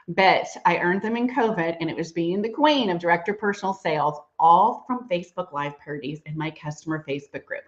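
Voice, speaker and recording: A middle-aged woman giving a live-streamed sales training, talking fast and chatty and calling her listeners girl and y'all. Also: fairly low pitch, highs cut off. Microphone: computer mic on a live stream.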